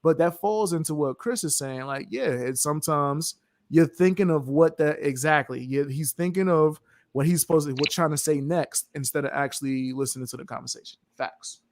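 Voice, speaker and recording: A young man on a stream, talking bluntly through his points in casual chat. His voice sits a little high, and laughter breaks through now and then. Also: moderate pace. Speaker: stream co-host.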